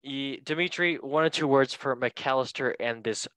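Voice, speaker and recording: A man's voice: medium pitch, normal speed, fairly bright tone, no room sound, low-quality recording. A man hosting a casual football podcast, chatty and joking, correcting himself as he reads through transfer news. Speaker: podcast host.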